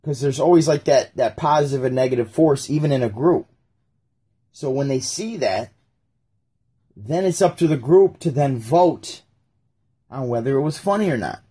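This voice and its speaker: A man hosts a casual livestream, rambling through his points. His voice is slightly husky and breathy at a middle pitch. He slips into quick impressions of the people in his stories. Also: lively intonation, dark tone. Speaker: live-stream host.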